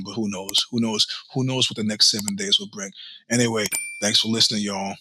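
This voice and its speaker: A man's voice: fairly low pitch, fairly even intonation, a little fast, music in the background, rough recording. A middle-aged man hosting a podcast, telling rambling stories in a casual monologue with swearing and laughs. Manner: rambling storytelling with profanity and laughs. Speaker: podcast host. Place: beach town in Spain.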